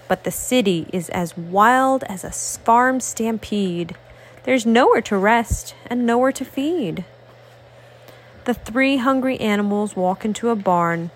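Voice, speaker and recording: A woman reading a picture book aloud to a child, slow, sing-song and expressive. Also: on the high side.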